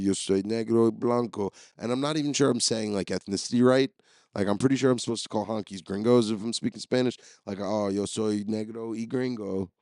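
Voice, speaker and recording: A podcast host with a lowish, slightly mellow voice delivers a comedic solo monologue full of rambling, profane, jokey stories. The recording is clean studio sound with no room sound.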